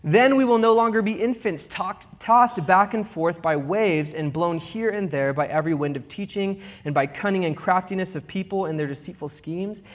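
A young man preaching a sermon as pastor, with animated, humorous storytelling. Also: high-pitched, moderate pace, hardly any pauses. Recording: long reverb of a big hall.

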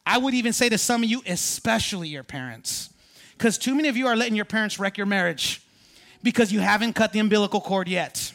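High-voiced, bright animated preacher man. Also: fast, vocal fry. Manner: animated preaching with call-and-response, pitch jumping high for emphasis. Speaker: pastor. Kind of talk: sermon.

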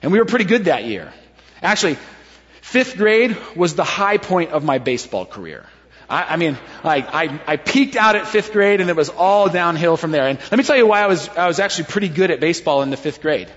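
A middle-aged male pastor, his voice husky and a touch high, tells a story from the pulpit with self-deprecating humor before dropping into quiet seriousness. The sound is dull and lo-fi, and a long reverb from a large church hall trails every phrase. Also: fairly quick. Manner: animated, self-deprecating, dropping to hushed tones for serious moments. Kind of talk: sermon storytelling.

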